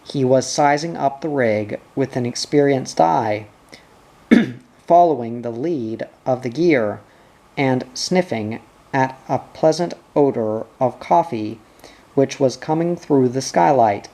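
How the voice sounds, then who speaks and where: A man narrating an audiobook in a measured reading style. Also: medium pitch, warm tone.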